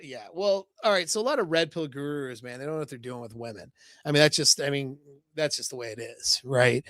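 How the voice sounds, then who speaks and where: A man giving a live dating-coach talk in a casual, loose way, full of fillers and quick "right?" checks. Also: mid-range voice, a bit bright, no room sound, clean studio sound.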